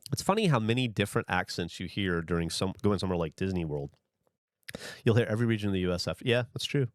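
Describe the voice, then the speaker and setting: A man with a low, animated voice talks fast in studio-quality audio with no room sound. Originally from the Southern United States but without any regional accent, he hosts a livestream, rambling casually and swearing freely as he takes on viewer comments.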